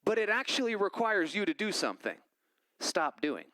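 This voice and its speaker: A man's voice: sits high, normal speed, no room sound, rough recording. A male pastor giving a conversational sermon in church, telling stories and acting out quoted conversations. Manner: conversational, animated storytelling with quoted voices.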